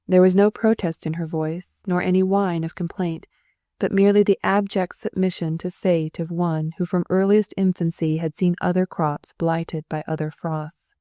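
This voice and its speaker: Brief: woman audiobook narrator, lowish mellow voice, measured and expressive, dry close sound. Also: no echo. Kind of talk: storybook narration.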